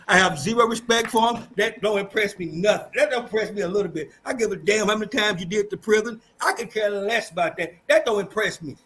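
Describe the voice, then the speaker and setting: A man's voice: high-pitched, fast talker, hardly any pauses, a bit bright, a little hiss or hum. An older man from Texas, a panel guest, talking bluntly and dismissively, repeating his points. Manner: blunt, dismissive, repeats himself, keeps saying hold up. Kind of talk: heated panel argument.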